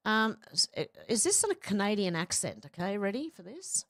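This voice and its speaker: A woman's voice: mid-range voice, sing-song, moderate pace, a bit bright. A woman hosting casual political opinion commentary, blunt and outspoken, reading posts aloud and reacting to them.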